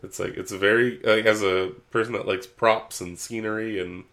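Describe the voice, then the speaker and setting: A man whose voice sits on the low side, with fairly even intonation and a fairly bright tone, talks at normal speed as a podcast co-host. Easygoing and rambling, he curses freely throughout the casual conversation.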